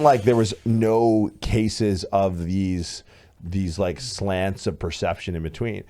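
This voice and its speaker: A man in his thirties co-hosting a podcast, telling a story in casual chat, animated and swearing, acting out what others said. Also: sits low, slow pace. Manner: animated, swearing, acts out quoted voices loudly. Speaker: podcast co-host.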